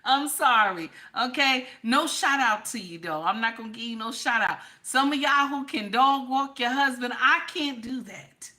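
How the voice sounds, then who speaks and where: A woman's voice: on the high side, moderate pace, hardly any pauses. A woman, host of a casual livestream who reads chat comments aloud and teases her viewers. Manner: animated, teasing, talks straight to chat viewers.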